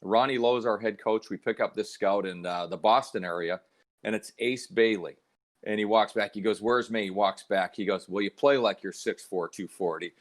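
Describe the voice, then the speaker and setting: A man's voice: on the low side, moderate pace. A middle-aged man from Canada, a hockey analyst, telling stories in a casual podcast chat and acting out the voices he quotes. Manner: animated storyteller, acts out quoted voices.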